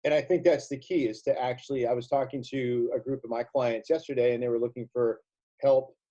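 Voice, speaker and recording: A man's voice: medium pitch, fairly even intonation, a little fast, mellow. A man hosting an interview as a sales coach, reflective and affirming, asking his guest for the next point. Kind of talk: conversational interview. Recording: dull lo-fi sound.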